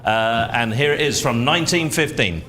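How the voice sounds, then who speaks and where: A man calling bids as auctioneer at a live art sale, with brisk showman patter. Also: medium pitch, expressive, bright, forceful tone. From England.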